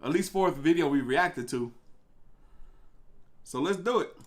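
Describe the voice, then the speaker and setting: High-voiced man chatting on a live stream. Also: a little slow. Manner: relaxed, slangy, chatting with viewers. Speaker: livestream reaction host. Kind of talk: casual live-stream chat.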